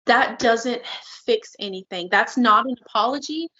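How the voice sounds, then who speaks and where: A woman co-hosting a casual podcast chat, earnest and quick to laugh. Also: on the high side, pushed and bright, dull audio. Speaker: podcast co-host.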